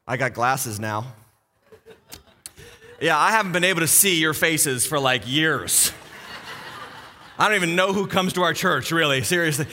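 A middle-aged man, a lead pastor, preaching a sermon in a church with animated jokes and repeated key phrases. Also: fairly high pitch, normal speed, a little hiss or hum. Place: church auditorium. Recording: long church reverb.

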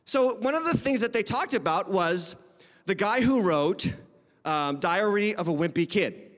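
High-voiced pastor preaching in a reverberant hall. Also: male voice, lively intonation, unhurried, a bit bright. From New England. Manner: emphatic, conversational preaching with humor and asides to the congregation. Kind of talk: sermon. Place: church sanctuary.

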